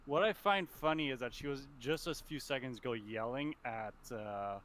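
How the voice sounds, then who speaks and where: Man, tabletop player, joking, gives rules advice, middle pitch, faint hiss. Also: normal speed, a bit bright. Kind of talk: tabletop game play.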